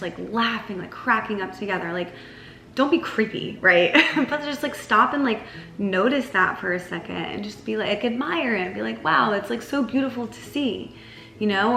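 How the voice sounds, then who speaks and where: A chatty young woman talks straight to camera about everyday life, her words studded with "like". Her voice rings in a roomy, echoing space, and soft music plays faintly under it. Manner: chatty, lots of "like", mocks herself in a whiny high voice. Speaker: lifestyle vlogger. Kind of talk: casual direct-to-camera advice.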